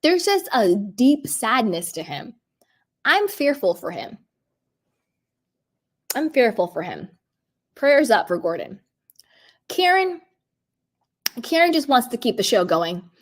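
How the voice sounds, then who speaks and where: A woman's voice: on the high side, big pitch swings, takes it slowly, long pauses. A woman giving casual, emphatic commentary on a reality show, full of "like" and "you know".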